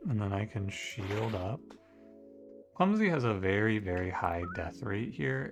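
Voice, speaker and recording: A man with a fairly low voice talks through a dice game as he plays it, chatting to the characters on screen. He grumbles and bursts out in exasperation when the rolls go against him, with soft game music playing faintly underneath. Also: lively intonation, unhurried. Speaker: video game streamer. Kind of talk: casual gameplay commentary.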